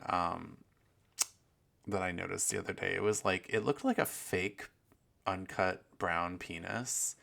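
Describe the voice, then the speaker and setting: Male podcast host, low gravelly voice, rambling, profane, self-mocking. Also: pushed and bright. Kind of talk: casual solo podcast chat.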